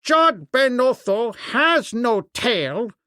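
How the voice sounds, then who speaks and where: A male audiobook narrator voicing a proud young jungle warrior in a lively, declaiming way. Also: extremely high pitch, extremely slow, no room sound, studio quality, pitched above the performer's own voice, exaggerated voice. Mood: heated.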